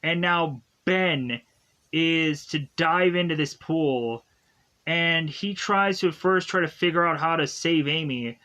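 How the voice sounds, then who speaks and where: Slow, rambling man recapping a movie. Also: a little high, sharp tone. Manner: rambling, filler-heavy retelling with many "like" and "is to go on". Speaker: movie reviewer. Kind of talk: casual spoken plot recap.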